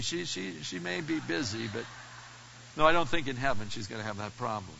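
A male pastor with a gravelly, edgy voice delivers a lively, folksy sermon, leaping from loud outbursts to quiet asides. The recording sounds dull and lo-fi. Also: medium pitch, a little fast. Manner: animated and folksy, swinging between loud exclamations and hushed asides.

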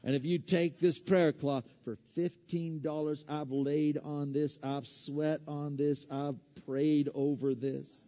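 A man voicing a smooth-talking male TV evangelist with a put-on Southern accent who sells prayer cloths in a slow, pleading pitch. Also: flat delivery, mellow. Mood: wheedling. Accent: Southern US drawl, put on. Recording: echoey hall, dull lo-fi sound.

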